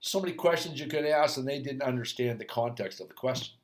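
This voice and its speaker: Middle-aged guy coach ranting casually, rambly, keeps restarting, mid pitch. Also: brisk. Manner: rambling, reflective, with many restarts and fillers. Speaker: hockey skills coach. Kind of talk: casual monologue rant.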